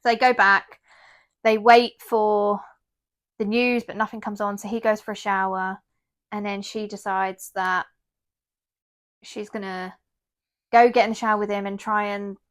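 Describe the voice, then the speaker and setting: At a measured pace with long pauses, a woman co-host retells a novel in casual podcast book chat, quoting its characters. Her voice is medium in pitch and steady in tone.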